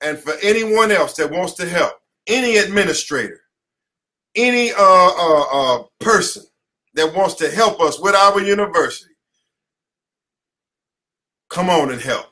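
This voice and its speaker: Passionate American male attorney, high-pitched and forceful, delivering an emphatic, preachy lecture. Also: expressive, normal speed, pauses often. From United States. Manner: preachy, emphatic, repeats slogans. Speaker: attorney teaching a class. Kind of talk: impassioned lecture. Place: his office headquarters, indoors.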